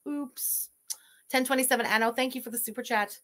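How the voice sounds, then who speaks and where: A woman's voice: high-pitched, steady tone, a little fast, pushed and bright. Blunt, sarcastic woman streamer. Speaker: livestream host. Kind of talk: livestream commentary.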